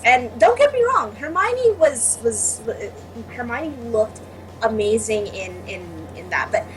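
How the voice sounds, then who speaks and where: Excitable, halting young woman guest. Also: a little high, slight background noise, rough recording. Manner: halting, excitable, swears often. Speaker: panel guest. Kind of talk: casual chat.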